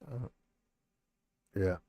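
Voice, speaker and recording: A man's voice: drawn-out words, warm tone, no room sound. Laid-back man chatting with many fillers. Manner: rambling, many fillers and restarts. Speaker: streamer host. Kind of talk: casual chat.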